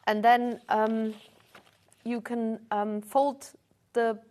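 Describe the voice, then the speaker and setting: A woman guest crafter on a live sewing show, explaining step by step in a relaxed way with frequent ums. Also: on the high side, extremely slow. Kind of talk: craft demonstration.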